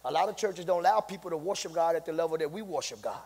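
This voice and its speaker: A man, the pastor, a sermon and building to shouts, saying "my God" between phrases. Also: on the high side, animated, very fast, vocal fry, slightly rough. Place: church sanctuary. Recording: long hall reverb.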